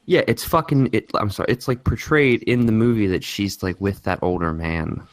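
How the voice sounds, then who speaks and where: A man on a casual podcast, speaking haltingly and filling with constant "like". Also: fairly low pitch, lively intonation, no echo. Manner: halting, filler-heavy with constant likes.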